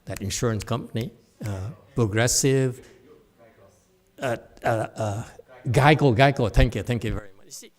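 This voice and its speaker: A man's voice: mid-range voice, normal speed. A middle-aged man, a Buddhist teacher, giving a chatty dharma lecture with digressive asides and frequent laughs. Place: temple hall.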